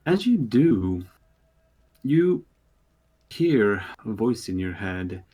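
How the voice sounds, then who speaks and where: Guy running a tabletop game, lowish voice, lots of uhs and restarts. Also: big pitch swings, warm tone, slightly rough. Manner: halting, lots of filler words and restarts. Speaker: game master.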